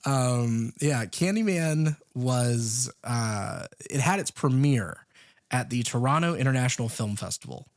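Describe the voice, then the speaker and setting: A man's voice: medium pitch, unhurried, dry recording. Hesitant man on a dry close mic. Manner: hesitant, many ums, relaxed storyteller. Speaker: podcast co-host. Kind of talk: casual film chat.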